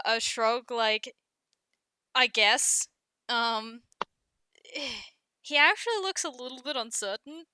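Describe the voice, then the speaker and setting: Woman role-player, hesitant narration, slow, bright and clear, dry sound. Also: on the high side, no room sound. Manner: hesitant, filler-heavy. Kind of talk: describing actions in tabletop role-play.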